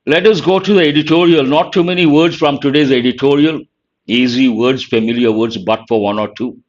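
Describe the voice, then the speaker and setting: Deliberate Indian-accented man teaching vocabulary. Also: medium pitch, lo-fi sound. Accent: Indian English. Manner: deliberate, explanatory, repeats key words. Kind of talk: vocabulary lesson.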